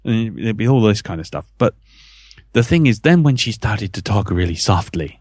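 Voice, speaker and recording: A man's voice: lowish voice, lively intonation, normal speed, darkish tone, no echo, studio quality. A man hosting a podcast, telling crude, joking school stories in casual chat. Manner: joking, crude, chatty storyteller. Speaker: podcast host.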